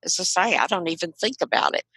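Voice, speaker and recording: Older woman with a Southern accent, bright voice. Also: fairly low pitch, animated, fast, slightly rough, no room sound, poor audio. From South Carolina and Arkansas, US. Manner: frank, anecdotal, proud of her accent. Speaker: guest, retired non-profit leader. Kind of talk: storytelling in a podcast interview.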